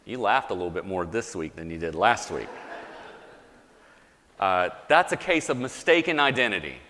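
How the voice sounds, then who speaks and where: A male pastor preaching a sermon in a measured, deliberate way, reading scripture and telling a story. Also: deep voice, sing-song, sharp tone. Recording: long reverb of a large hall.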